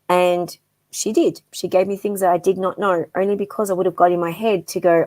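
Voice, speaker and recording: An Australian woman guest-hosts a live-stream psychic reading as a medium, speaking briskly in a fairly low, slightly mellow voice with flat delivery. She's chatty and affectionate, calls viewers darling, and fills her speech with lots of ums.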